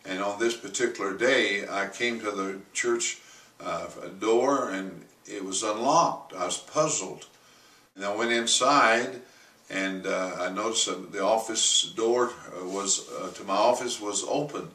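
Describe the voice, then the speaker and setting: A man, a pastor, telling a testimony story in a halting way with many fillers, sometimes rising to forceful quoted commands. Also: fairly low pitch. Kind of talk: testimony sermon. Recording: roomy, from a distance.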